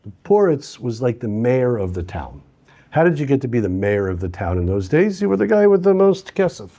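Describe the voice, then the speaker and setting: A man teaching a lesson through an animated, conversational story. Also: medium pitch, brisk.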